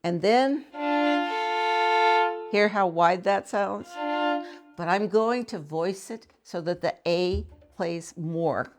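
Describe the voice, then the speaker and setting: A woman's voice: fairly low pitch, slow, long pauses, soft background music. A woman violin professor explaining intonation in a thoughtful, conversational way, asking the listener questions between short demonstrations. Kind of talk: instructional explanation with playing demonstrations. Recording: violin playing between phrases.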